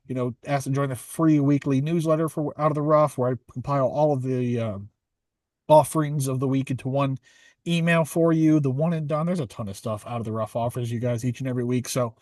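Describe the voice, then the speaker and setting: A man's voice: mid-range voice, a little fast, darkish tone, no echo. A man co-hosting a golf betting podcast, chatting casually and upbeat with many fillers and restarts. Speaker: podcast co-host.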